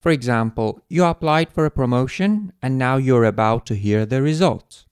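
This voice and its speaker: Man, English teacher, lively intonation, dry close sound. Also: medium pitch, dry recording. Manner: clear, deliberate explaining. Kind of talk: scripted language lesson.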